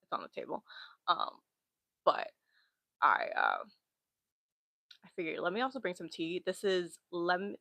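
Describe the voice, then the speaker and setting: Gravelly, bright-voiced young woman chatting. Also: on the low side, huge pitch swings, unhurried, long pauses, no echo. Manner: rambling, chatty, giggly. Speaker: livestream host. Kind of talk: casual livestream chat. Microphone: laptop mic.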